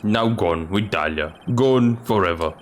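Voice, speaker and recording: A man's voice: low voice, a little slow, a little hiss or hum, voice pushed down. A man doing a mournful broken-English convict.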